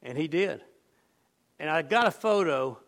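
A middle-aged man preaching a sermon, earnest and emphatic, dropping to a low murmur on key words. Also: animated, a little slow, fairly bright tone.

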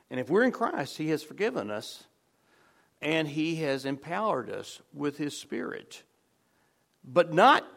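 A man preaching a sermon in a conversational way, restarting phrases often and dropping to soft, low tones on key words. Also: vocal fry. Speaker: pastor.

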